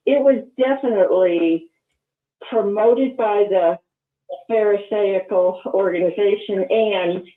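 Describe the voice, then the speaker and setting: An older woman calling in to a live talk show, earnestly recalling old memories with frequent ums. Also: medium pitch. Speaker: caller. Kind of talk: call-in show chat. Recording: tinny phone line, echoey.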